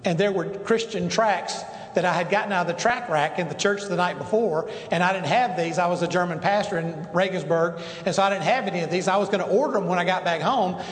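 A man's voice: high-pitched, brisk, hardly any pauses. Folksy preacher man in an echoey hall. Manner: folksy, rambling with many restarts and asides. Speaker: pastor. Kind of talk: sermon storytelling. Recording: echoey hall with long reverb, faint noise.

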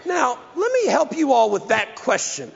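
A man preaching a sermon, telling a story in a lively, self-mocking way. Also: extremely high pitch, normal speed, vocal fry. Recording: lo-fi, echoey hall.

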